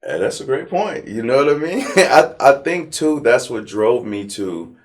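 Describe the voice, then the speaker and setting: A man from Compton, telling his life story in a relaxed, slangy interview. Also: mid-range voice, normal speed. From Compton, California. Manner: animated storyteller, slangy, acts out his past self. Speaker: interview guest.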